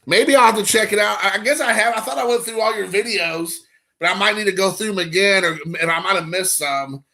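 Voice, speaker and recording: A man hosting a card collecting live stream, chatting casually and excitably with viewers, rambling and addressing them by name. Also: sits high, fairly quick, vocal fry. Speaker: card collecting channel host.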